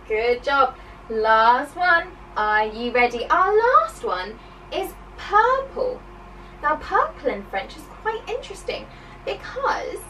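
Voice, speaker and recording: A woman's voice: high voice, pushed and bright, recorded from a distance, a little hiss or hum, low-quality recording. A woman teaching a children's language lesson, encouraging and sing-song, with playful praise.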